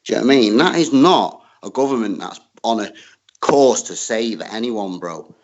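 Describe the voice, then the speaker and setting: Argumentative bloke, animated pitch, muffled low-fi audio. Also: male voice, normal speed. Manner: argumentative, keeps adding "mate", heated. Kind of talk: heated argument.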